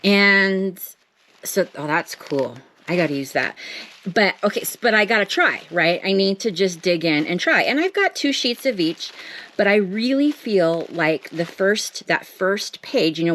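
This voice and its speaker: A woman's voice: lowish voice, a bit bright. A woman chatting to camera from her home art table, rambling and self-deprecating with lots of fillers. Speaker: art vlogger. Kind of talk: casual chat to camera.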